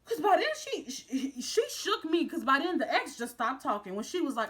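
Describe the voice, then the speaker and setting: High bright young woman doing a storytime vlog, super animated, acts out every quote. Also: moderate pace, hardly any pauses. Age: young adult. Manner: animated, dramatic, acts out quotes with big pitch jumps. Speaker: vlogger. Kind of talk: storytime vlog, casual retelling.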